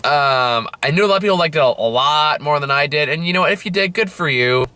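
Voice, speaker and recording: A man's voice: fairly high pitch, expressive, fast talker, bright, forceful tone, no room sound. A young man giving a rambling, casual movie review, full of fillers, self-corrections and offhand swearing.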